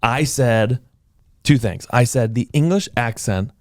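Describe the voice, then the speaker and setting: A man's voice: medium pitch, unhurried, no echo, clean studio sound. An American man hosting a podcast, telling stories with jokey impressions in casual banter. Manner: animated storyteller, jokey impressions. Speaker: podcast host.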